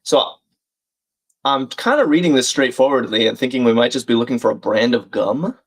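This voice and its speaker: A man hosts a live crossword stream and chats casually. He thinks out loud, reads clues and viewers' names, and tosses friendly asides to his chat. His voice sits at an everyday middle pitch. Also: expressive, moderate pace. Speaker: livestream host.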